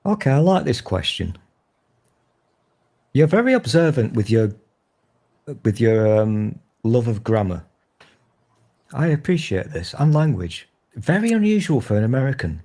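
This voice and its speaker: Very animated but at a measured pace with long pauses, this thirty-something Northern English man talks casually in a warm, mid-range voice. He swears freely and teases himself and the people around him, his accent marking him as from Northern England.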